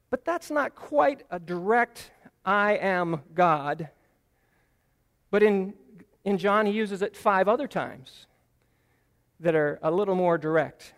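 Preaching an earnest Bible teaching sermon that explains the text, a man with a fairly high, slightly bright and animated voice slows down and stresses key phrases to make them stick. A large hall's long reverb rings around him.

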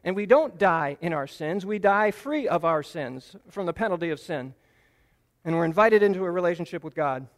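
High-voiced preacher in a reverberant hall. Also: male voice, animated, normal speed. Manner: earnest, explanatory, lands key phrases with emphasis. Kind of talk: Bible teaching sermon.

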